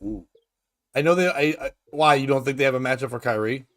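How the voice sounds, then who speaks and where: A man's voice: mid-range voice, fairly quick, no echo, clean studio sound. A man hosting a morning talk show, talking loosely and crudely, rambling and laughing as he retells stories. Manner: crude, rambling, laughs often, acts out quotes. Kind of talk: casual chat.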